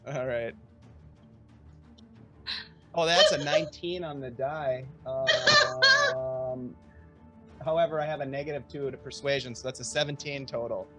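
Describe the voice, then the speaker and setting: Lively-voiced tabletop player. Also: male voice, medium pitch, unhurried, pauses often, loud music behind the voice. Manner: narrates his character's moves. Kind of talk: playing a tabletop game.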